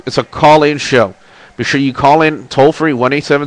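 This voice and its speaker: Pitched on the high side, this man speaks at a normal pace with fairly even intonation, captured on a low-quality webcam mic with no echo. As host of a laid-back wrestling and gaming webcast, he's congested with a stuffy nose and chatters away, promoting links and going through the chat.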